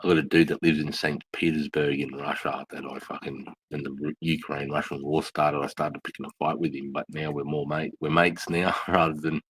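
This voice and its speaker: A man's voice: a bass voice, flat delivery, brisk, hardly any pauses, fairly bright tone, slight background noise. A man with an Australian accent chatting casually on a live stream, swearing freely and telling stories. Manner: crude, swearing, storytelling.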